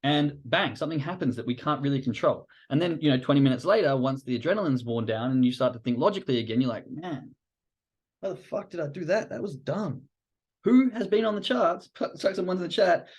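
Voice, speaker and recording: A man's voice: a little high, lively intonation, fast talker, hardly any pauses, a little mellow, husky. A man hosting a live stream on trading psychology. He talks casually and animatedly, swears now and then, and acts out inner voices. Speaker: host.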